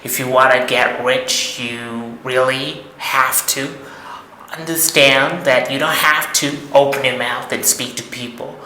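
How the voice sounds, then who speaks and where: A man's voice: medium pitch, fairly even intonation, a little slow, bright, forceful tone. Emphatic man lecturing in an echoey room. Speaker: online money coach. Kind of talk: monologue to camera. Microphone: camera mic. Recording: echoey room, faint noise.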